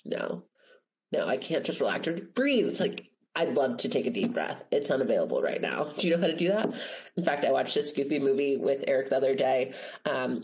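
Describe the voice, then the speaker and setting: A woman in her thirties talks in a lively, emphatic way on a casual chat podcast, laughing often as she makes her points. Her voice sits a little lower than most women's. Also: poor audio. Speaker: podcast co-host, mother of two young kids.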